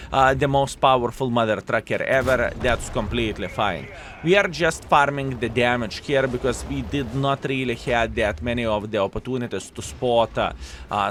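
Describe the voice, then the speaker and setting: A man talks over his own tank match in a chatty, joking way, calling his viewers fellas and acting out the enemies' thoughts in quick asides. His English sits in a middle pitch, and faint game noise runs under it. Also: fairly bright tone. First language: Lithuanian. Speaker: gameplay commentator. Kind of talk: game commentary.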